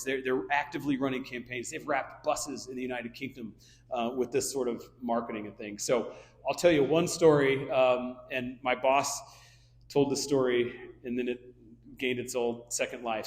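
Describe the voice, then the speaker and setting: A man's voice: mid-range voice, big-room sound. A middle-aged man from Kansas City telling a casual, anecdotal story in a speech to a luncheon audience, with frequent ums and restarts. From Kansas City area. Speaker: luncheon speaker. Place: banquet hall.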